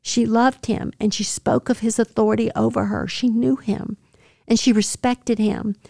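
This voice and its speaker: A woman hosting a devotional podcast, reflecting earnestly and tenderly on scripture, with soft laughs now and then. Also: fairly high pitch, steady tone, moderate pace, creaky, no room sound, studio quality. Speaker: podcast host.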